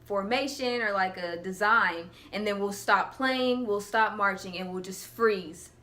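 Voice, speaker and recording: Young woman vlogger, bright, lively storytelling voice that acts out quotes. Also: medium pitch, unhurried. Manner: animated, laughing, acts out quotes. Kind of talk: casual storytelling.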